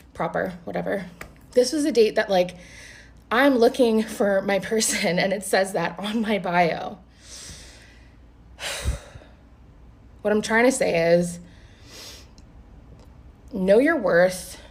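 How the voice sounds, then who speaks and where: Animated, foul-mouthed woman telling a story. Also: medium pitch. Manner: animated, profane, quoting both sides of a conversation. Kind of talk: casual storytime to camera.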